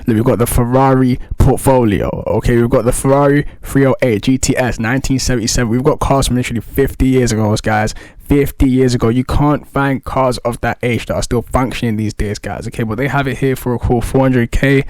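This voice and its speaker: A man's voice: medium pitch, fairly quick, no room sound. Hyped-up man narrating a car game. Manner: excitable, hypey, says "guys" constantly. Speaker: gaming YouTuber. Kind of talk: energetic game walkthrough commentary.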